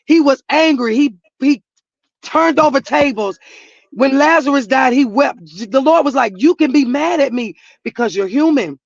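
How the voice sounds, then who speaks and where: A woman's voice: high-pitched, expressive, moderate pace, vocal fry, dry recording, highs cut off. A middle-aged woman, a grieving mother, telling her story in an earnest, church-flavored way, sometimes rising to emphatic outbursts. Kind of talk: emotional personal testimony.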